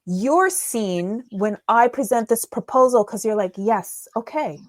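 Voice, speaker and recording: A woman's voice: on the high side, unhurried, dry recording, studio quality. A woman guest in an interview, explaining her methods in an enthusiastic, step-by-step way. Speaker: guest, digital marketing strategist. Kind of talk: conversational interview answers.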